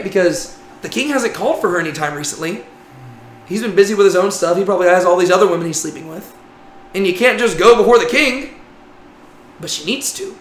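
High-voiced casual Bible teacher. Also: male voice. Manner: conversational, frequent "right?" tags. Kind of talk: casual Bible class lecture. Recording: echoey room with faint noise.

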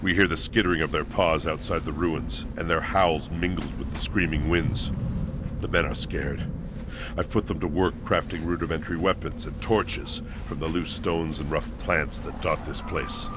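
A man voicing a grim barbarian exile leader, speaking gravely and solemnly in a game cutscene. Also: a bass voice, fairly even intonation, moderate pace, background noise.

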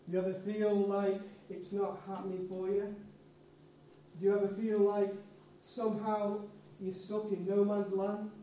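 A man's voice: high-pitched, monotone, measured pace, mellow, dull audio, slight background noise. A man preaching a sermon, telling a story and acting out the people in it. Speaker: pastor. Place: church hall. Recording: echoey church hall, mic far off.

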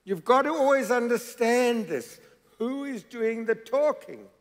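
A man's voice: extremely high pitch, expressive, a little slow. A man preaching a sermon in a church, emphatic and dramatic, repeating phrases for effect. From South Africa. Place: large church hall. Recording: reverberant church hall.

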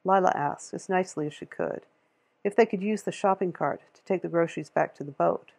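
A woman reading a novel aloud in a steady, measured way, with a gravelly, husky voice. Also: lowish voice. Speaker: audiobook reader.

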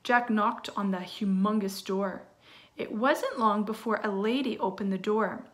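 A woman teacher reading a children's storybook aloud in an expressive way, with asides to her listeners. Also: medium pitch, a little slow.

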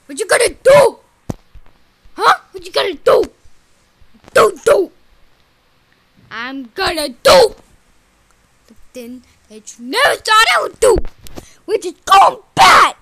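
A woman's voice: very high voice, wildly swooping pitch, drawn-out words, pauses often, bright, forceful tone, full character voice. A woman doing a shrieking tantrum girl. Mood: furious. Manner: shrieking, repeating herself over and over. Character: furious stomping cartoon girl throwing a tantrum. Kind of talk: gacha role-play voice acting.

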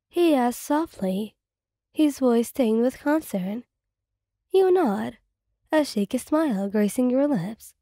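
A woman reads an ASMR fanfic aloud in a calm, even storytelling manner, addressing the listener directly as "you". Her voice is fairly high but mellow and dark in tone, recorded dry and close. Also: a little slow, no echo. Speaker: fanfic narrator.

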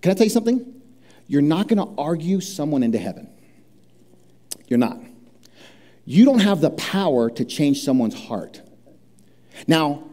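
Middle-aged guy preaching, pretty high voice but mellow, chatty, keeps asking the room questions. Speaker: pastor. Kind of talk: sermon.

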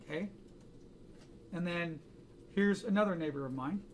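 A man's voice: high voice, moderate pace, slight background noise. A man teaching a drawing class, chatting casually and joking through anecdotes in front of students. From United States. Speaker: art instructor.

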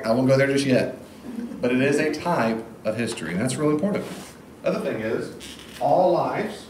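A man gives an informal Bible lecture to a class, switching into little acted-out voices to make his points. His mid-pitched voice rings around a reverberant room, and a faint background ambience hangs under everything he says. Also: slight background noise. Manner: animated, acts out quoted voices. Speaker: Bible teacher.

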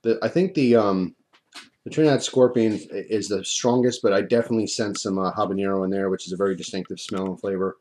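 Low-voiced man with a mellow tone. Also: quick pace, slight background noise. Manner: relaxed, chatty, rambling with restarts. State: mouth burning from hot sauce, drooling. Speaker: hot sauce reviewer. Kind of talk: casual video review. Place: at home at his desk.

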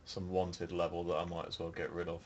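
A man's voice: deep voice, monotone, a little fast, dull audio. A young man co-hosting a casual gaming chat while playing, dry and casually profane. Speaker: gaming show co-host.

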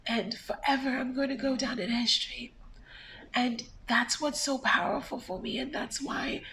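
A high-pitched woman speaking in a backstage interview, her voice hoarse and strained from losing it. She is the reigning pageant queen, and she talks with open emotion. A faint hiss of noise sits under her voice. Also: moderate pace, bright, forceful tone, rough recording. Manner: emotional, heartfelt.

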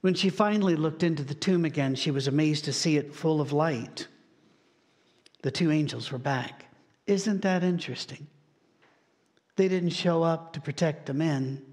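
A male pastor delivering a sermon in a storytelling way. His voice sits a little higher than most men's. He slows down and lowers his voice to draw listeners in. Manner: storytelling preacher, slows and drops to a hush for emphasis.

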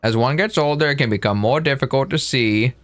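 A man reading an elderly monk's game lines aloud in a slightly lowered voice. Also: fairly quick, lightly acted. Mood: sage. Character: elderly male monk, slow and knowing.

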